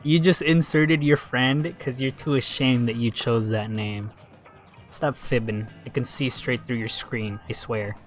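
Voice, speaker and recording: A man's voice: mid-range voice, a little slow. A man live-streaming a shooter game, talking off the cuff in a mid-range voice. He rambles loosely, swears a lot and laughs at his own stories. Faint music plays under his voice. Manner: rambling and swearing, with laughs and sudden excited yells. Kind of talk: casual live-stream chat while gaming.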